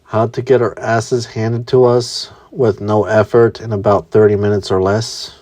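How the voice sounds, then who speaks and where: A sarcastic teenage girl student , read by a male narrator, flat and slow with no real change of voice. A fan storybook reading. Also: on the low side, no echo, natural voice.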